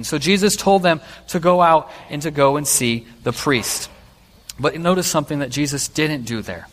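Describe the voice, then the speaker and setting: A man's voice: on the high side, moderate pace. A male pastor giving a sermon, talking earnestly and walking listeners through a scene. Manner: earnest storytelling preacher. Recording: long hall reverb.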